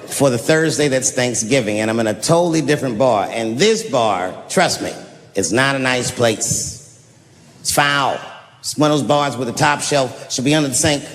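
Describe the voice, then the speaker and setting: A man's voice: mid-range voice, moderate pace. A man performing a stand-up routine, telling a story with punchy asides on a comedy stage. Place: comedy stage in a large venue. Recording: reverberant hall with loud crowd noise. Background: audience laughter.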